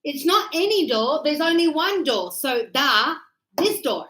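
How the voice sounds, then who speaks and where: A woman's voice: high voice, sing-song, unhurried, fairly bright tone, low-quality recording. A woman teaching English grammar to a class, chatty and checking in with her students often.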